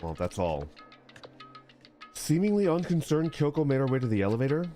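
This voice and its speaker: A man's voice: mid-range voice, big pitch swings, fairly quick, dark tone. A man streaming a game, joking, laughing, and reading dialogue aloud with game music in the background. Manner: goofy, laughing, jumps between silly voices and reading.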